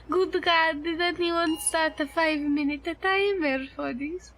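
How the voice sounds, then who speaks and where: A woman doing a deliberately horrible, exaggerated fake French accent as a playful bit on a game stream. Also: very high voice, animated, fairly bright tone, heavily acted, poor audio. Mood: hammy.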